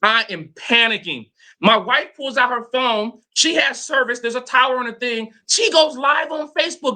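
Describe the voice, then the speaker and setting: A man's voice: extremely high pitch, moderate pace, pushed and bright. A middle-aged man, a motivational coach, telling a personal story with dramatic flair and speaking straight to his audience. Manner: dramatic, addresses the audience directly.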